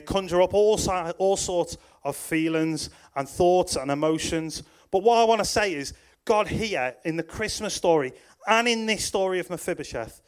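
A man's voice: on the high side, smooth. A young man preaching a sermon, reading scripture and telling the story with jokey asides and acted-out voices. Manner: lively, acts out quoted voices with jokey asides.

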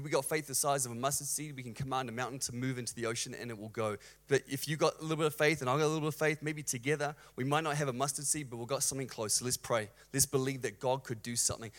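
A male pastor preaching a sermon in a church, energetic, swinging from loud exclamations to hushed storytelling. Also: mid-range voice.

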